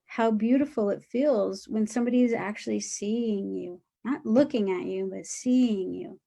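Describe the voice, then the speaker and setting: A woman's voice: mid-range voice, moderate pace, vocal fry, mellow. A woman talking earnestly and reflectively as an interview guest, with loose, rambling phrasing and many fillers. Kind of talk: reflective spiritual conversation.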